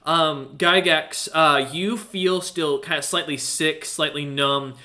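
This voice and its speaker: A man's voice: a little high, fairly even intonation, takes it slowly, pushed and bright. A man narrating as game master of a tabletop game, hesitant and full of fillers.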